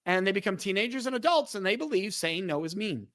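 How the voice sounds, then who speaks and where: A man's voice: high-pitched, animated, fast, a bit bright, no room sound. A middle-aged man and podcast guest, explaining emphatically and acting out quoted dialogue in conversation. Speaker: podcast guest, speaker on respect.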